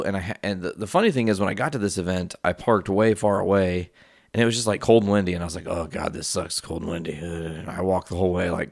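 A man's voice: low-pitched, creaky, no room sound, clean studio sound. A young man hosting his own show, telling a rambling, profane story in a casual monologue full of asides. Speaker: podcast host.

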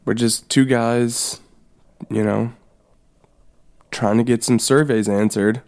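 A man co-hosting a casual comedy podcast, rambling with deadpan, self-deprecating sarcasm. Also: medium pitch, takes it slowly. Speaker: podcast co-host.

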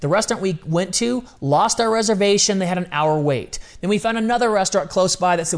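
A man in his thirties, a guest telling a personal story in casual chat, animated and full of slang. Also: high-pitched, fast, few pauses. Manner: animated, casual slang, acts out quoted voices.

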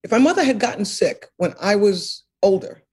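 Older woman guest, husky voice, earnest and emphatic, repeats herself, laughs a bit. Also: medium pitch, very animated, moderate pace, a little mellow. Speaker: interview guest, author. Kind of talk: reflective interview conversation.

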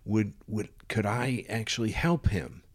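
A man's voice: fairly low pitch, measured pace. A man telling a rambling personal anecdote in a casual way, full of fillers and quoted dialogue. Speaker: storyteller.

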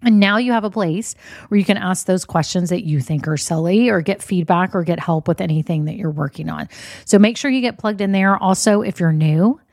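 A woman's voice: lowish voice, fairly quick, a little mellow, dry recording, studio quality. Chatty woman podcast host, slightly scratchy. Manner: chatty, upbeat, encouraging. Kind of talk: casual podcast chat.

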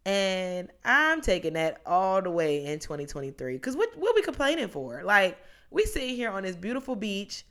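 A woman's voice: medium pitch, very animated, moderate pace, few pauses, a bit bright. A woman in her twenties hosting a podcast on her own, talking casually in a chatty, rambling way that drifts onto tangents. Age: 20s. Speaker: podcast host. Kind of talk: casual solo podcast monologue.

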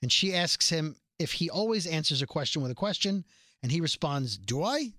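A man's voice: on the high side, sing-song, normal speed, sharp tone, dry recording, clean studio sound. A man co-hosting a casual podcast, reading out a plot summary with jokey asides. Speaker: podcast co-host recapping a TV episode. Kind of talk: casual chat.

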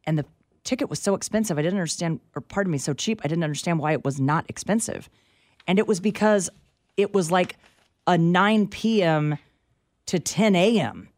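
A woman's voice: fairly low pitch, darkish tone, no room sound, studio quality. Wry, emphatic woman radio co-host. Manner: wry, emphatic, quick to laugh. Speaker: radio talk show co-host. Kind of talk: casual radio banter.

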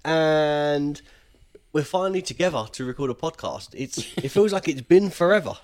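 A man's voice: a little high, moderate pace, a little mellow. Male podcast co-host, loose chatty delivery, lots of fillers and restarts. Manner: rambling, many ums and restarts. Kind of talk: casual chat.

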